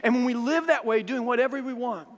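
A man's voice: very high voice, fast. A man preaching a sermon, earnest and repetitive, sometimes acting out other people's words. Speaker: pastor. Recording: long hall reverb.

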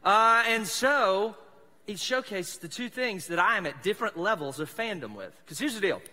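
A man's voice: high-pitched, lively intonation, normal speed, pushed and bright. A man from South Mississippi with a Southern accent, preaching a casual, joking sermon as a pastor in a church. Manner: chatty, self-deprecating, joking. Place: church sanctuary. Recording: long hall reverb in church.

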